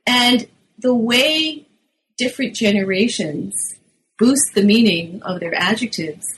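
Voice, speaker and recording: A middle-aged woman, a linguist, answering interview questions about her book in a lively explanatory way, sometimes acting out quotes. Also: fairly high pitch, slow, low-quality recording. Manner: lively, acts out teen quotes. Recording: faint background noise.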